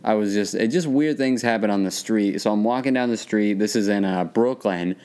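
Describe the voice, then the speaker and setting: A man's voice: fairly low pitch, fairly quick, darkish tone, smooth. Young guy telling street stories, loose and laughing. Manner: laughing storyteller, acts out voices of others. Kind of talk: casual storytelling.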